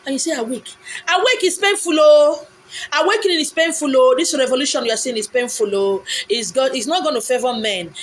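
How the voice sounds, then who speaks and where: A woman's voice: fairly high pitch, slight background noise, low-quality recording. A woman with a Nigerian accent giving an impassioned, preachy monologue, full of rhetorical questions and insistent repetition. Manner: repetitive, insistent phrasing with pidgin asides.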